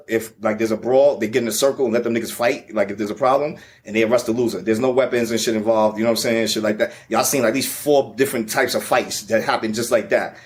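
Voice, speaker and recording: A man, the featured guest, telling a travel story in a casual, profane, slang-heavy way. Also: lowish voice.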